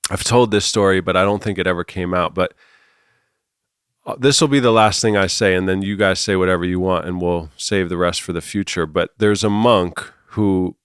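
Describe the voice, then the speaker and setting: Low-voiced podcast guy, rambly and philosophical, dry close mic. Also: steady tone, moderate pace, a bit bright, smooth, no room sound. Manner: loose, meandering, philosophical. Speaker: podcast host. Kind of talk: rambling storytelling conversation.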